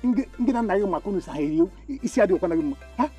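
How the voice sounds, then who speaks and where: High, lively-voiced braggart with a Nigerian Igbo accent, teasing his friend. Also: racing, breathy edge, soft background music. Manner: mocking, boastful, mixes Igbo and English. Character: boastful teasing young man, self-styled master.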